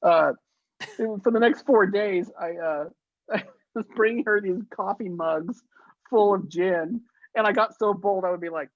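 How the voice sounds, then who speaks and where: A man guest, an actor and effects artist, telling profane stories in a casual, animated interview and laughing through them. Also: high voice, normal speed, dry recording, muffled recording. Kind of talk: casual anecdotal storytelling.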